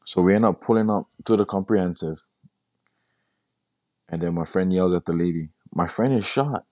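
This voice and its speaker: A young man with a very deep voice recounts his story in a halting, repetitive way and keeps quoting himself. The sound is dry and close, with no room around it. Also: fairly even intonation, mellow, dry recording. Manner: halting, repeats words, quotes himself. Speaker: guest sharing his story. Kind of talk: casual storytelling.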